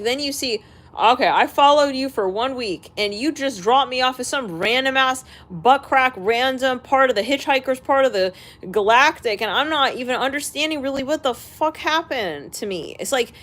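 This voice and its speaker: A woman's voice: high-pitched, animated, normal speed, fairly bright tone. A woman hosting an astrology channel, ranting casually and bluntly to her viewers, swearing freely and laughing between remarks.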